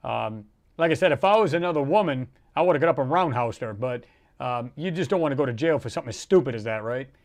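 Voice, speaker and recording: A man hosting a casual livestream, rambling and animated as he reads out viewer comments and reacts to them. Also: medium pitch, fast. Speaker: livestream host.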